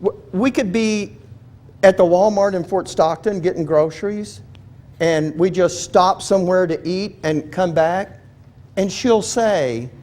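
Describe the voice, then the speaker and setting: A man teaching a Bible study in a relaxed, conversational way, telling humorous stories, restarting his sentences and putting questions to his listeners. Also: high voice, unhurried. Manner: chatty, restarts sentences, asks the audience questions; humorous storytelling.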